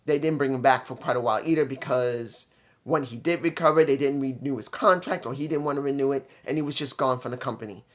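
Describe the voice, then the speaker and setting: A man giving a casual spoken review, blunt and opinionated, rambling from point to point. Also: medium pitch. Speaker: wrestling show reviewer.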